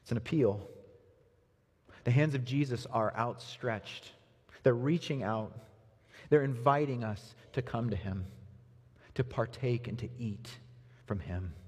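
Husky earnest man preaching a sermon. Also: a little slow, long pauses. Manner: earnest, swinging from soft low passages to lifted emphasis. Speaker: pastor. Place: church. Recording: reverberant hall.

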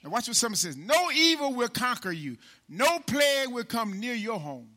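High, bright-voiced preacher man. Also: very animated, moderate pace. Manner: preaching with loud call-and-response swells and sudden hushed drops; casual, folksy with repeated "man" and "right?". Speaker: pastor. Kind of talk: sermon.

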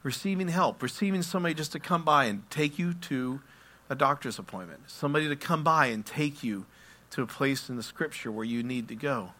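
A man preaching a sermon, moving between quiet explanation and loud, impassioned passages where he acts out prayers. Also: mid-range voice, expressive, a little fast. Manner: acts out prayers and quotes in his own voice. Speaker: pastor.

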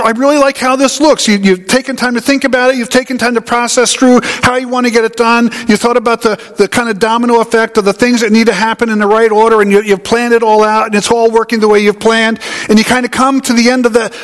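A man's voice: very high voice, fairly even intonation, quick pace, few pauses, a bit bright, long reverb tail. A man preaching a sermon in a conversational, folksy way, telling homey stories. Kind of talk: sermon teaching.

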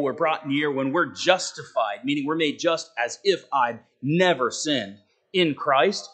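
An earnest man preaching a sermon at a middle pitch. He leans hard on key words, then drops almost to a hush. Now and then he breaks into casual asides to the congregation. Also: slightly rough. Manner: earnest, emphatic, rising and falling with dramatic swings in volume.

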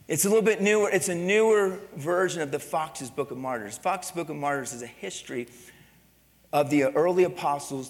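Male pastor, sermon, earnest and emphatic, slightly high voice, long hall echo. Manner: earnest, quizzes the congregation with questions. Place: church sanctuary.

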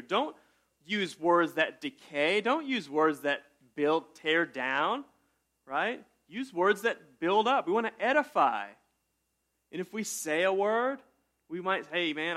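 A man preaching a casual sermon in a church, talking to his congregation like friends. He jokes often and breaks into sudden loud bursts before settling back down. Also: a little high. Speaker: pastor. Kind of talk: conversational sermon.

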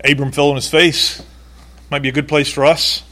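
Animated preacher, fairly high voice. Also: male voice, moderate pace. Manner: animated, acts out quoted voices, laughs now and then. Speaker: pastor. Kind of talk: sermon.

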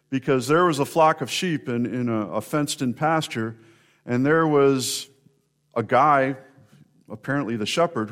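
A man preaching a sermon, telling stories in a conversational way and speaking directly to members of the congregation. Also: mid-range voice. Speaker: pastor.

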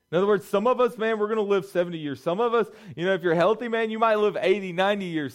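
A middle-aged man preaching to young people as a youth pastor, talking casually and building to fervent urging, often saying "man" and "listen.". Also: sits high. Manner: conversational, rising to fervent urging; peppers speech with "man" and "listen". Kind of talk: sermon.

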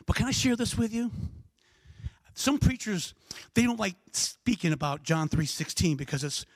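Guy pastor preaching, big swoopy voice, kinda husky, talks to the room like he's chatting. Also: high-pitched, normal speed, no echo. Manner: animated, conversational preaching with frequent "all right?" asides. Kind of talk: sermon.

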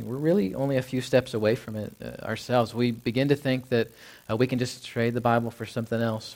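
A man's voice: medium pitch, a little mellow. A man preaching a sermon in a conversational way, often asking "right?" and acting out what people say. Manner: acts out quoted people in a lifted voice. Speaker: pastor.

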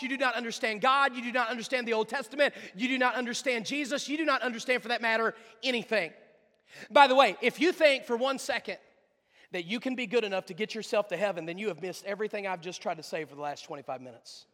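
A man preaching a sermon as pastor, swinging between loud emphatic lines and low quiet asides. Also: quick pace. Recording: long hall reverb.

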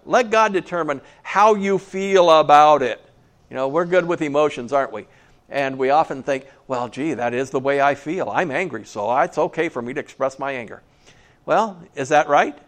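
A man preaching a sermon in a conversational way, often checking in with "okay?" and adding wry asides. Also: fairly high pitch. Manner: conversational, keeps asking "okay?". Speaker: pastor.

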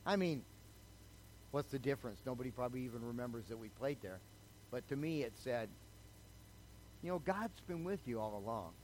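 A man's voice: mid-range voice, fairly quick, darkish tone, slight background noise, poor audio. An older man preaching a sermon in a chatty way, telling his own story and often checking in with the listeners. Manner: conversational, storytelling, asks the crowd "okay?". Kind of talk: sermon with personal testimony.

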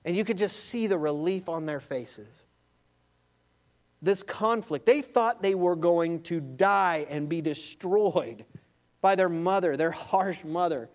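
Male pastor with a high, lively sermon delivery and a storyteller's energy. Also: takes it slowly. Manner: animated storytelling, addresses listeners as beloved.

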